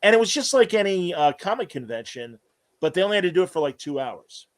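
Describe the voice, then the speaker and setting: A man's voice: high-pitched, very animated, fast talker. Rambling storytelling male podcast host. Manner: rambling anecdotal storyteller, many fillers. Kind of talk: casual interview chat.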